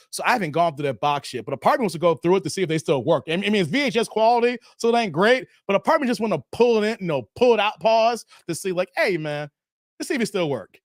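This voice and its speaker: A man in his thirties hosting a casual live stream, animated and laughing often, his voice a little strained from long streaming. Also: fairly high pitch, no room sound, clean studio sound. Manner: animated, laughs often, breaks into playful sung bits. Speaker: live stream commentary host. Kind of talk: casual live stream chat reading donations.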